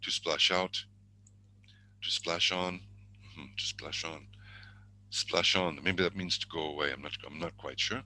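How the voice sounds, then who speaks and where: A man teaching an online exam-prep lesson, speaking through a computer mic on a video call. His voice sits very low, yet it has a sharp, bright edge. He thinks aloud, drops into murmured asides and corrects himself mid-sentence. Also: steady tone, unhurried, pauses often, low-quality recording.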